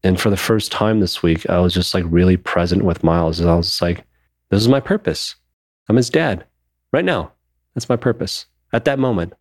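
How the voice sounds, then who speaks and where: A low-pitched man in his thirties co-hosts a podcast, chatting casually and speaking openly and emotionally, with the occasional swear word. He talks at a moderate pace, and the recording is dry and studio quality.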